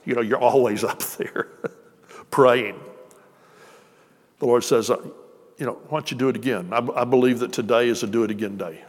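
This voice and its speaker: A man's voice: medium pitch, steady tone, normal speed, long pauses. A man preaching a sermon to a congregation, talking conversationally and joking with them. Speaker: pastor. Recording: long reverb of a church hall.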